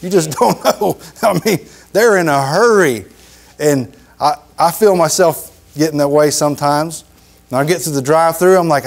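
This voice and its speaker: Emphatic folksy preacher. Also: male voice, brisk. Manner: folksy, emphatic, repeats phrases, drops low for emphasis. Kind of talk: sermon.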